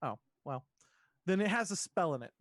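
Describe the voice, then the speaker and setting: A man's voice: high voice, lively intonation, normal speed, a bit bright, no room sound, studio quality. A man narrating as dungeon master in a tabletop game, laid-back with frequent laughs and fillers.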